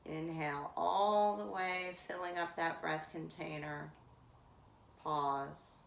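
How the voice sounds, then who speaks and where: Woman, meditation teacher, calm drawn-out phrasing, gravelly voice, distant roomy mic. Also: low-pitched. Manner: slow, calm, drawn-out phrases with long pauses. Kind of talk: guided breathing meditation.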